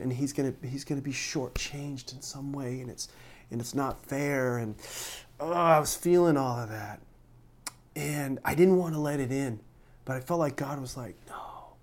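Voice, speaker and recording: A man's voice: medium pitch, a little mellow. A middle-aged man, a pastor preaching a sermon, telling personal stories in an earnest, emotional way with frequent restarts.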